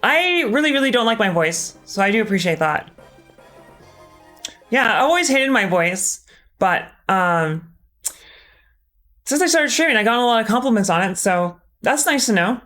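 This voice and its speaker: A man's voice: sits high, very animated, moderate pace, pauses often, pushed and bright, soft background music. Candid, swearing male game streamer. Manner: casual, candid, swears often, hesitant with many ums. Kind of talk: live gameplay commentary.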